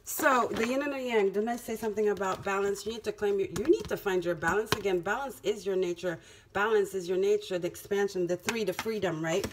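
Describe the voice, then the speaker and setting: A woman reads tarot cards for her audience in a casual, spiritual way. She talks emphatically, circling back to the same phrases to drive them home. A steady noisy background with clicks sits under her voice. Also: medium pitch. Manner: emphatic, repeats phrases for effect. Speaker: tarot reader.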